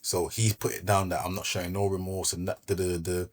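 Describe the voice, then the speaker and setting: A man's voice: deep voice, level tone, fast. A man from London with a London accent, a podcast guest casually telling his story in street slang with quoted back-and-forth. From Brixton, London. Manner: laid-back street slang, recounts events with quoted dialogue.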